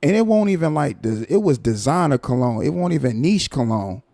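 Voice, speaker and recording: Man ranting on his live stream, gravelly dark voice, mocking and repeating himself a lot. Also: fairly high pitch, big pitch swings, a little fast, no room sound, studio quality. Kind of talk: casual commentary rant.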